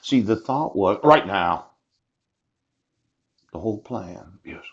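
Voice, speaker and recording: A man's voice: lowish voice, lively intonation, slow, husky. Man laughing between lines, saying yes. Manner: punctuates phrases with laughs and repeated "yes". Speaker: self-recorded speaker addressing officials. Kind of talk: rambling monologue. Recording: dull lo-fi sound.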